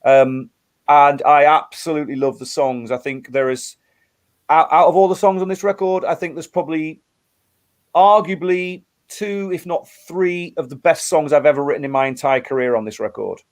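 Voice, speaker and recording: English male musician guest, middle-aged, earnest, stumbling restarts, slightly raised pitch. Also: normal speed. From England. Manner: earnest, restarts and repeats words. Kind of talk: casual interview chat.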